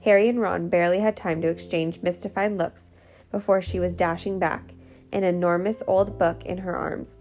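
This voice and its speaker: A woman reading a novel aloud in a steady, clear way, with small slips now and then. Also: lowish voice, moderate pace, soft background music. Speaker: storyteller.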